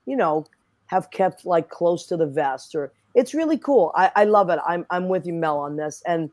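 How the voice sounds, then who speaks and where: A woman's voice: lowish voice, expressive, moderate pace, darkish tone, dry recording. Effusive chatty New woman host. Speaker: podcast host. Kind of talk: casual chat.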